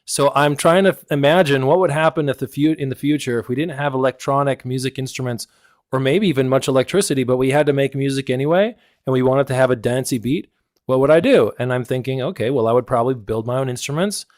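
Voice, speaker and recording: A man's voice: medium pitch, fast talker, darkish tone, dry recording. A man with a mid-range voice, recorded dry and close, appearing as a musician guest on a podcast. He explains himself in a meandering, hesitant way, with frequent ums and restarts. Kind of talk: casual podcast chat.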